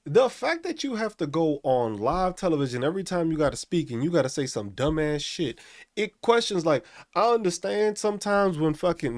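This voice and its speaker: Profane, animated male live stream host. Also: a little high, dry recording, studio quality. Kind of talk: casual live stream rant.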